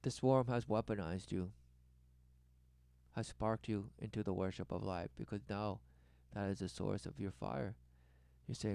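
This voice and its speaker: A man with a gravelly, creaky voice rambles through a commentary, burst after burst, then drops to a low mutter. The tone is smooth and clear under the grit. The sound is close and dry, with no room around it. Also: moderate pace, no echo. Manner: swings from loud exclaiming to low muttering; repetitive, breathless wordplay. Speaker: commentator reacting to a documentary.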